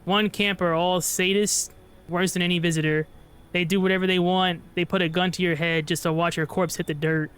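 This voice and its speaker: A man voicing a bitter male survivor who pleads at a door, reading the dialogue aloud in his own bright, smooth voice. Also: sits high, little pitch movement, a little fast.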